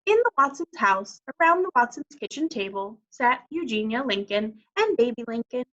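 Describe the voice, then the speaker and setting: A woman teacher reading a children's story aloud in a clear, expressive way. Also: fairly high pitch, normal speed. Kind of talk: children's read-aloud narration. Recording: dull lo-fi recording.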